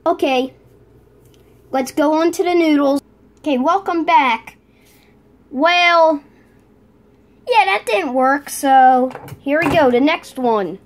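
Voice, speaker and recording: A woman's voice: sits high, slow, pauses often. A young woman making a casual home vlog, breaking into exasperated outbursts of disbelief. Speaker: vlogger.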